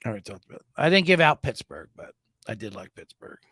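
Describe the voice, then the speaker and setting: Sarcastic ranting man, bright animated voice. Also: lowish voice, fast talker, breathy edge, no room sound, clean studio sound. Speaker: sports betting podcast host. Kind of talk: sarcastic sports betting rant.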